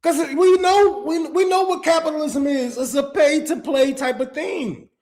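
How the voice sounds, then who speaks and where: A man's voice: extremely high pitch, normal speed, darkish tone. A man hosting a political commentary stream, ranting with profanity and rhetorical questions. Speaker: podcast host.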